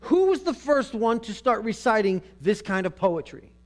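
Male pastor with a high voice, delivering a dramatic sermon that swings between loud and hushed. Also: very animated, moderate pace.

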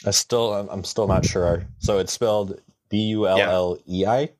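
A man co-hosting a podcast, joking and teasing himself in relaxed banter. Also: low voice, normal speed. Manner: self-mocking, joking banter. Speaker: podcast co-host. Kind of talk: casual chat.

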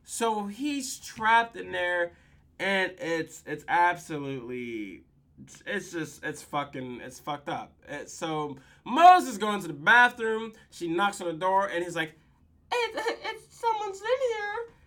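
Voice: mid-range voice, animated, slow pace, bright, forceful tone. A podcast host recapping a TV episode in casual, profane slang, telling the story with laughs.

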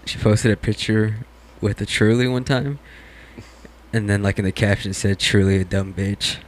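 A man co-hosting a podcast in slow, giggly casual chat, sounding high. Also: steady tone, low-quality recording. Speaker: podcast co-host.

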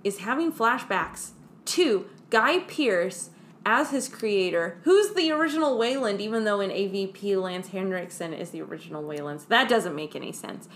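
Lively, chatty woman podcast host. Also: mid-range voice, moderate pace, slight background noise. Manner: animated, frequent "like", laughs between lines. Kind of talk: casual chat, film recap.

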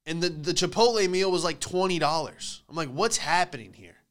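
A man's voice: fairly high pitch, fairly quick. A man in his thirties hosting a comedy podcast, telling casual stories and switching into voices for the people he quotes. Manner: animated storytelling with put-on voices for quoted people.

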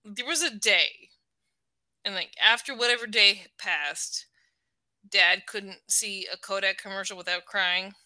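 Woman, 40s, bright and dry-sounding, casual podcast chatter, heavy "like" filler. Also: mid-range voice, measured pace, no room sound. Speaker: podcast co-host. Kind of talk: casual chat.

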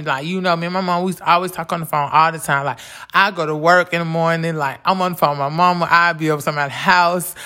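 Bright-voiced woman sharing her grief. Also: on the low side. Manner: casual, repeats "like" often, earnest. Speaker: podcast host. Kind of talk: heartfelt personal talk on grief and faith.

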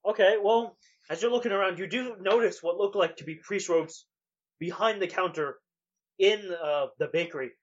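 Slightly high, laid-back male game master. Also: normal speed, muffled recording. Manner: laid-back, hesitant, many fillers. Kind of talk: narrating a tabletop game.

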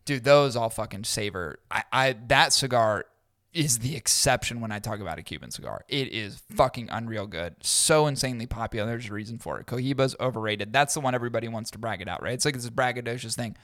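A man's voice: medium pitch, quick pace, a bit bright, no echo, clean studio sound. Blunt, swearing man on a podcast. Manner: blunt, swearing, mocks people in put-on voices. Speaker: podcast co-host. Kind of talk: casual chat.

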